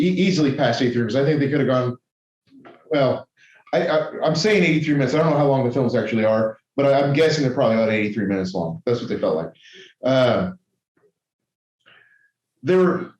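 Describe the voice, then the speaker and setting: A man's voice: mid-range voice, darkish tone. A man co-hosting a casual podcast chat. He rambles, stops himself and restarts his sentences, and he is tired and running on caffeine. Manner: rambling, self-correcting, many restarts. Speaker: podcast co-host. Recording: roomy, dull lo-fi sound.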